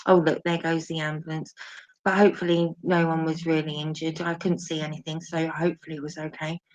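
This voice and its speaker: Reflective woman, lowish voice. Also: little pitch movement, a little fast, a little mellow, muffled recording. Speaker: guest. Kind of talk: casual chat.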